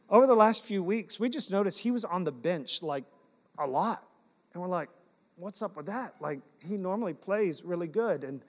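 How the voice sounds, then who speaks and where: A male pastor with a high voice delivers animated storytelling about his own life, his self-deprecating humor giving way to earnest exhortation. The church sanctuary lends his pulpit voice a long reverb.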